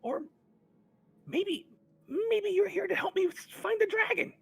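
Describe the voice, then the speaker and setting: A man voicing a small tearful male kobold who keeps a dragon, speaking in a high, squeaky voice and broken phrases. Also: measured pace, creaky, fairly bright tone, exaggerated voice.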